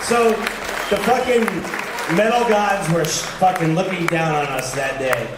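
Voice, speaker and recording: A high-voiced man tells a story with animation, swearing and acting out every quote. He is heard from far off in a very echoey room, with a crowd and steady noise behind him. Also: measured pace. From New York. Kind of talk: telling an anecdote.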